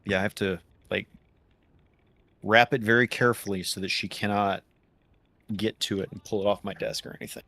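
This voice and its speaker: Laid-back man, low voice. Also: steady tone, a little fast, gravelly, long pauses, sharp tone, no echo. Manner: laid-back, trailing, swears offhand. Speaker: gamer. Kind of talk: casual chat while gaming.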